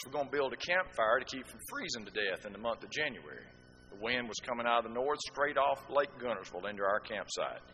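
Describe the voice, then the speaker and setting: A man's voice: mid-range voice, sharp tone, long reverb tail, dull audio. A man preaching a sermon, telling folksy stories with rhetorical asides.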